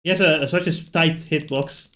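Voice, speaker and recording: A man streaming a video game, reacting loudly to the action and swearing freely. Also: on the high side, fairly even intonation, moderate pace. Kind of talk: live gaming commentary.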